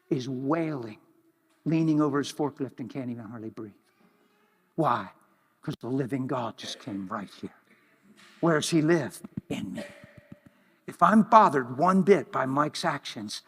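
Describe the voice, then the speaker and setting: A man preaching a sermon in a church, talking in an animated way, swinging from loud exclamations to hushed near-whispers. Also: medium pitch, measured pace, breathy edge. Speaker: pastor. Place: church hall. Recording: reverberant church hall.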